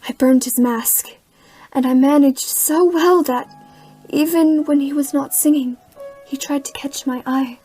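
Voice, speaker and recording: Lady playing a haunted young woman telling her story, high but mellow voice, soft music behind. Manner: hushed, haunted recounting, rising into frantic cries. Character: young woman recalling a terrifying captivity. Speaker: actress narrating in a student short film. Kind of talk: dramatic storytelling narration.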